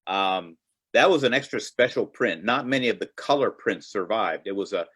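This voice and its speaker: A man giving a relaxed, chatty talk on a video call, telling stories with many fillers and restarts. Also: lowish voice, normal speed, slightly rough. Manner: conversational storytelling with fillers and restarts. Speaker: guest presenter on film preservation. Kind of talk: casual virtual presentation. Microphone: computer mic on video call.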